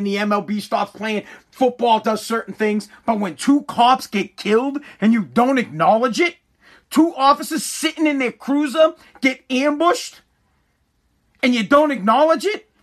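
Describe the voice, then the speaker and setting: A man in an angry, profane rant to camera, swearing, repeating himself and sometimes shouting. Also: sits high. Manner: heated, swearing, repeats words, shouts at times.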